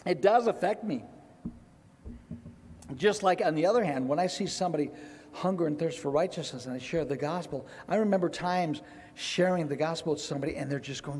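Animated pastor preaching in a reverberant church. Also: male voice, a little high, moderate pace, pauses often, slight background noise. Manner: emotional, animated, acts out quoted voices. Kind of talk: sermon. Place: church sanctuary.

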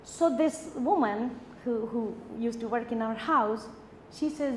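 A woman's voice: fairly high pitch, a little slow, a little hiss or hum. Pakistani woman lecturing in an echoey hall. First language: Punjabi and Urdu. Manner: animated storytelling, emphatic repetition. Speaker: professor.

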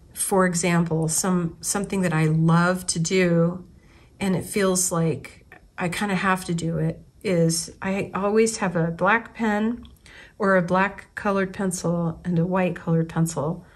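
A woman in her forties, an artist from the United States, talking through her thoughts in a loose, unscripted way. She often stops and restarts her sentences as she works out what she means. Her voice sits a little low for a woman. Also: steady tone, slow pace. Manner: rambling, thinking aloud with restarts. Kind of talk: casual spoken reflection.

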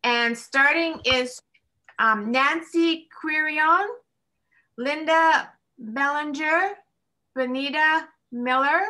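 A woman's voice: high-pitched, slow, bright, forceful tone, low-quality recording. A woman co-hosting a group call, reading out a list of names. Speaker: co-host reading recognitions. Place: video or conference call.

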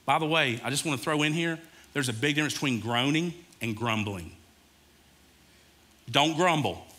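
A man's voice: fairly high pitch, sharp tone. A male pastor preaching a sermon in a casual, conversational way, talking directly to his congregation.

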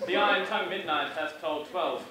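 A man's voice: sits high, brisk, heavy background noise, close to an everyday voice. An actor playing a noble duke who declaims courtly verse as he dismisses the players. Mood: commanding. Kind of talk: stage play performance. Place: theatre stage. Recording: very echoey stage sound from far off.

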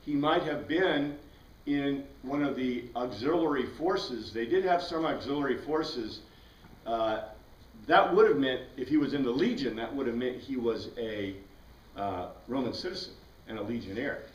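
A man's voice: medium pitch, moderate pace, muffled recording. Rambling male Bible teacher in a roomy class. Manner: rambling, conversational, with many asides and restarts. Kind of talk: informal Bible study lesson. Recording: roomy sound, mic at a distance.

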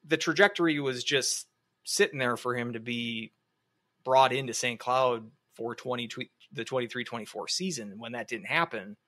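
A man's voice: medium pitch, moderate pace, pushed and bright. A man co-hosting a sports podcast, talking through recruiting in a casual, analytical way with frequent restarts. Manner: analytical, hedging with many restarts. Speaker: podcast co-host.

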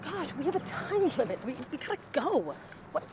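A woman's voice: sits high, big pitch swings, fairly quick. A woman playing an impatient young adventurer who keeps snapping "no" in exasperation. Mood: exasperated. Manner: exasperated, sharp, repeats "no". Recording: noisy background.

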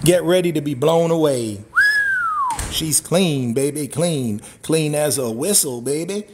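A man hosting a live-streamed sales walkthrough of a wooden cabin, a hyped-up pitchman who repeats catchphrases and lets out loud whoops. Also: animated, measured pace, heavy background noise. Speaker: cabin salesman and livestream host. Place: indoors, walking through a wooden cabin.

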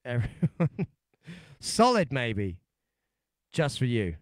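Taking it slowly, a singer-songwriter from London, England chats and shares stories on a casual livestream, rambling and joking with frequent restarts. His mid-range London English voice swings widely in pitch. The recording is studio quality with no room sound.

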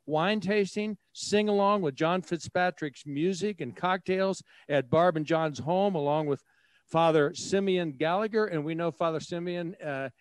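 Brisk joking male charity auctioneer. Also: a little high, dry recording. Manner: jokey, chatty asides, rapid bid chant. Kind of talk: live charity auction calling.

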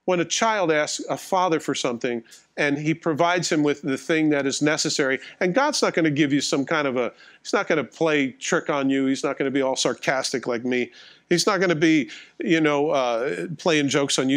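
A man's voice: on the high side, normal speed. A middle-aged male pastor delivering a sermon in a conversational, wry, self-mocking way, acting out little dialogues.

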